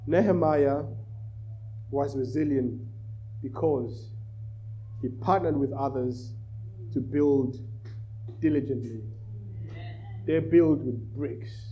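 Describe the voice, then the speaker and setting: A man preaching to a church, telling a children's story with lively energy. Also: medium pitch, slow pace, pauses often, muffled recording, slight background noise. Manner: animated storyteller, rising in volume. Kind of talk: sermon with storytelling.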